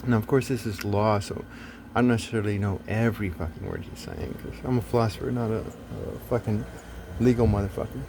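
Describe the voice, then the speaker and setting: A soft-voiced man telling a story in a casual monologue, swearing a lot and sounding exasperated, with many restarts. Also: lowish voice, a little fast, hardly any pauses, noisy background. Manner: profane, exasperated ranting with frequent restarts. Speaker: self-described philosopher telling a story.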